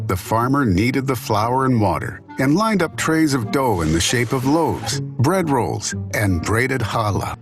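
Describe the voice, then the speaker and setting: A man narrating a storybook tale in an expressive, animated way. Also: mid-range voice, a little slow, few pauses. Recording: narration over clear background music.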